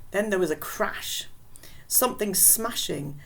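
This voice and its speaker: A woman's voice: medium pitch, lively intonation, measured pace, creaky, low-quality recording. A woman reading a children's novel aloud in a casual, chatty way. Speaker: reader.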